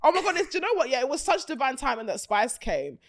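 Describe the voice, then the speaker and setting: A woman hosting a podcast, talking in a chatty, animated way, laughing often and swearing freely. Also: high voice, fast talker. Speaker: podcast host. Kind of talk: casual chat.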